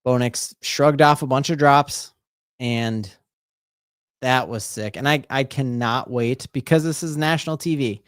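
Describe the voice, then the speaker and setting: A man streaming live fan play-by-play commentary. He talks casually and rambles, then erupts into loud repeated exclamations. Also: medium pitch, measured pace, clear, resonant tone, dry recording, clean studio sound. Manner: rambling, casual, full of fillers and restarts.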